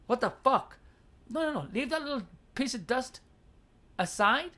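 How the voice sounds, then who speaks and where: A woman's voice: high-pitched, lively intonation, normal speed, a bit bright. A woman hosting a livestream advice chat, blunt and swearing freely, laughing often and reading out viewer comments. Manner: reads viewer chat aloud.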